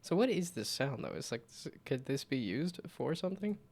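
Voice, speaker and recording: A man chatting casually on a live stream while building a game, rambling and self-mocking, with frequent laughter and silly high whoops. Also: big pitch swings, moderate pace, vocal fry, a little mellow, slight background noise.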